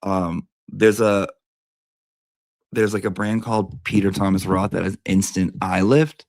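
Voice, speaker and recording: A man's voice: deep voice, fairly even intonation, unhurried, a little mellow, no room sound. A man giving a brash, profane, theatrical comic review of beauty products.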